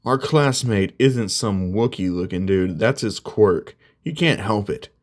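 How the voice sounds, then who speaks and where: A man's voice: lowish voice, expressive, measured pace. Man voicing an earnest teen hero. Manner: earnest, lecturing.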